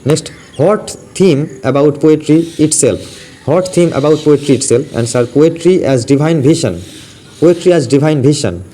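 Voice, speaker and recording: A man's voice: fairly high pitch, normal speed. Indian English man drilling quiz answers. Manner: drills in a steady question-then-answer rhythm, repeating each answer. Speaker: English teacher. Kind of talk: exam-prep question and answer lesson. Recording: faint background noise.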